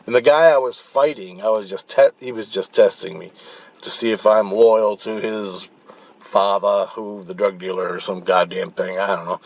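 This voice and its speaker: A man's voice: fairly low pitch, moderate pace, no echo. A man telling a long dream story in a casual, rambling way, blunt and profane, with frequent restarts and repeated words. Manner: animated, acting out the action as he tells it. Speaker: channel host recounting spirit-world dreams.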